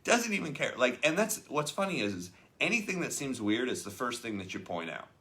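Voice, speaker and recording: A man's voice: mid-range voice, very animated, brisk, pushed and bright. Chatty man telling a story. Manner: chatty storyteller acting out quoted voices. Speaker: host. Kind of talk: casual chat about a leadership book.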